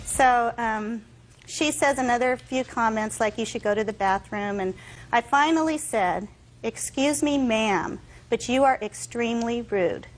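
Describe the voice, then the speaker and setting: A young woman, a touch high in pitch, gives courtroom testimony as a defendant. She recounts a heated incident earnestly, slipping into the voices of the people she quotes. She speaks from the stand in a courtroom set. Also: a little slow, faint music behind, low-quality recording. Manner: earnest, tells events with quoted dialogue.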